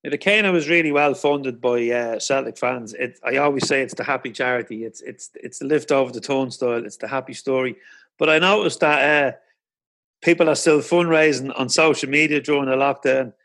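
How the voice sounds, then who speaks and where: A man's voice: mid-range voice, brisk, a bit bright. A man hosting an interview, asking questions with enthusiasm and frequent restarts. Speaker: podcast host. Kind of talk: casual interview.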